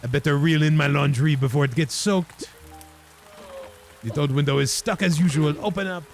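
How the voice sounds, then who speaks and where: Guy doing a hammy french-quebecois voice for a game character, slow and lilting, faint music behind. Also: a little high, gravelly. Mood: playful. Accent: half French, half Quebecois put-on. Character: game character in storybook town, mock French. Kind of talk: reading game dialogue aloud.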